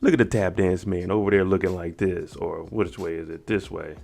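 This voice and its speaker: A man's voice: low-pitched, fairly even intonation, fairly quick, creaky, a little mellow. A man giving a casual, slangy recap of a TV episode and reacting to each scene as he goes. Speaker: TV recap vlogger.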